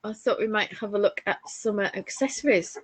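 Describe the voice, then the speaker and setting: A woman with a Northern English accent co-hosts a casual crafting podcast, sharing warm family stories and laughing often. Her medium-pitched voice moves fairly quickly with a breathy edge, and there's no echo.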